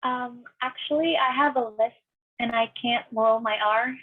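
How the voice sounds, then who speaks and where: A woman's voice: a little high, fairly even intonation, a little slow. A woman taking part in an online singing workshop, asking a question in a hesitant way. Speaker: workshop participant. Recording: tinny phone-like call audio.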